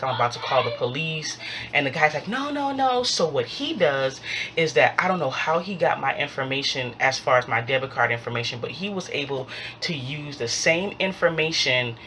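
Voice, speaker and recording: A woman tells a storytime vlog in a low, full voice. She is animated and acts out every quoted line as she goes, with a faint hiss behind her. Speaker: vlogger.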